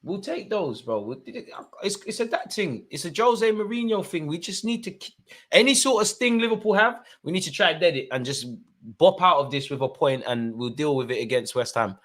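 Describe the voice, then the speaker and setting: A young man giving excitable live commentary on a football match, shouting at players and the referee. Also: on the high side, moderate pace. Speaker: football fan channel host.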